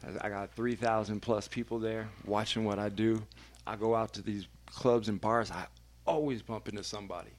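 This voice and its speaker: A man's voice: fairly low pitch, fairly even intonation, moderate pace. A man, a radio personality, telling a candid and emphatic personal story as a podcast guest, swearing freely.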